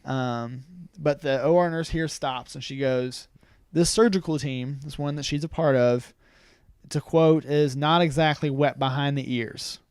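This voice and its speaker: A young man tells a story on a casual podcast, his voice smooth and clear and pitched a little high. He pauses often on "um" while he quotes other people's lines. The recording is dry and close, with no room sound. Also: a little mellow, dry recording. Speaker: podcast co-host retelling a story.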